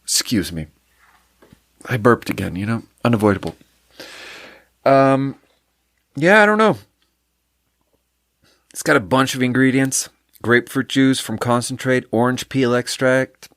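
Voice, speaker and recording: A man's voice: medium pitch, expressive, measured pace, pauses often, fairly bright tone, no room sound, studio quality. A man hosting a solo podcast, chatting casually in a rambling, self-deprecating way that trails off and restarts. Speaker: podcast host.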